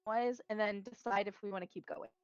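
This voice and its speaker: A woman's voice: medium pitch, steady tone, a little fast, dry recording, dull audio. A woman playing a tabletop game, reasoning through a plan in a practical way. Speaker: player. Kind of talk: casual chat.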